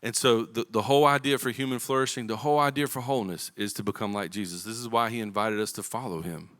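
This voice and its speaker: Pastor, man, thirties, low-pitched but bright and clear, casual storytelling sermon in a church. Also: steady tone, fast talker. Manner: casual storytelling with Southern-inflected slang. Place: church auditorium.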